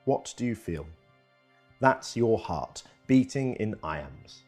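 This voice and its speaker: Lively, husky-voiced male narrator. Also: lowish voice, slow, soft background music. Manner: lively storytelling delivery. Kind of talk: scripted educational narration.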